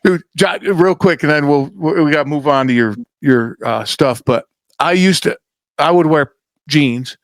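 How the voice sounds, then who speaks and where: A man's voice: on the high side, moderate pace, no echo, studio quality. A man hosting a podcast, telling rambling, profane stories in casual chat and acting out the people he quotes. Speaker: podcast host.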